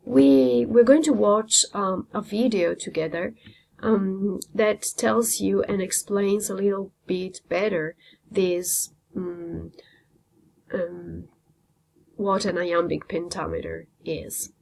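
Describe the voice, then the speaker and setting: A woman's voice: medium pitch, steady tone, slow, creaky, a little mellow. A woman teacher, a native Italian speaker, explaining a literature lesson step by step with frequent ums. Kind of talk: classroom lecture.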